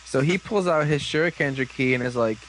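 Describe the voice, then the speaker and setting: A man's voice: medium pitch, background noise. Rambling man recapping a show. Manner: rambling, does quick voices for characters. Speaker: podcast co-host. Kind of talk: casual episode recap.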